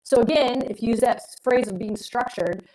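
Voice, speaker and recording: Middle-aged woman, astrologer co-host, rambly and emphatic, voice sits a bit high. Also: normal speed, a little mellow, rough recording. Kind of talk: casual live-stream chat.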